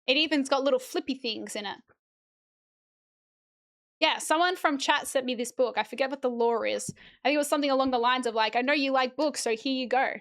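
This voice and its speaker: A young woman chats on her stream, her voice pitched high. She reads a picture book aloud in a playful, jokey way and drops swear words for laughs. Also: brisk, fairly bright tone. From Australia. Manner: chatty, playful, swears while reading. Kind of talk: casual chat, reading a kids' book aloud.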